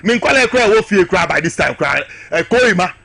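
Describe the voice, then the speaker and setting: Ghanaian man, heated talk-show guest; rapid, sharp, slightly raspy delivery full of rhetorical questions. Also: sits high, lively intonation. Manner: impassioned, hammering rhetorical questions. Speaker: political guest.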